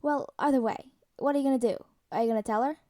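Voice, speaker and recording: A woman's voice: high voice, fast talker, dark tone, lightly acted. A woman reading the lines of a brash, rambling, protective middle-aged man in a story read aloud. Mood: fatherly.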